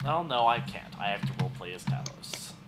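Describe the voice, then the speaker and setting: A man's voice: fairly low pitch, animated, a little fast, loud music behind the voice. A man acting as game master, with dry, teasing banter. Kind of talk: casual tabletop chat.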